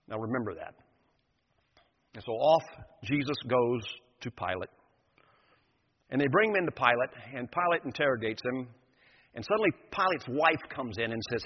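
Older male preacher, husky, echoing hall. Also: medium pitch. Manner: vivid storytelling, emphatic, acting out the scene. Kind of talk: sermon retelling a scripture story. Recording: dull lo-fi sound in a reverberant hall.

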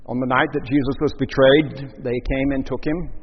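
In a large hall, a man preaches a sermon, telling a story and acting out the voices of its characters. His mid-range voice is steady and moderately paced. The audio is dull, with slight background noise.

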